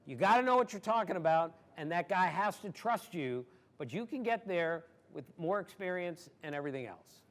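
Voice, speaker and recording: A man in his sixties from Maryland, guest at an audience Q&A, telling stories in an animated, emphatic way and laughing easily. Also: high voice, brisk. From Maryland, USA. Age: 60s. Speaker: guest sportswriter. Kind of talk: storytelling in an audience Q&A.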